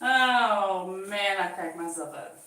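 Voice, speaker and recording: A woman's voice: mid-range voice, animated, takes it slowly, bright, forceful tone. A woman hosting her channel, chatting casually and laughing often as she cleans her bathroom and talks to her cat. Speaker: channel host chatting with live viewers. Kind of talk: casual chat while cleaning. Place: home bathroom. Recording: echoey bathroom, voice from far off, faint background noise.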